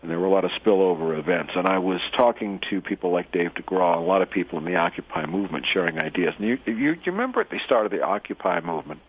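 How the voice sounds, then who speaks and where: A man telling a parable and then speaking his mind, halting, often repeating words and using fillers. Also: sits low, lively intonation, a little hiss or hum. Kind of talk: monologue commentary with a parable. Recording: tinny phone-like radio sound.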